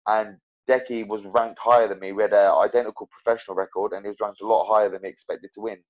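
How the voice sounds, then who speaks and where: A man's voice: on the low side, fairly even intonation, quick pace, highs cut off. A man talking as an MMA fighter guest, rambling and frank about his own fights. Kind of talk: casual interview chat.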